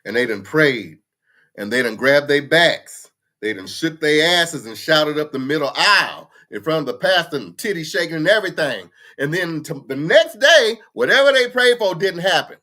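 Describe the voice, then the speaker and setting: A man's voice: a little high, animated, normal speed, sharp tone. A man, hosting a casual livestream chat, ranting bluntly with profanity. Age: 50s. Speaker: livestream host. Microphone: computer mic for a livestream.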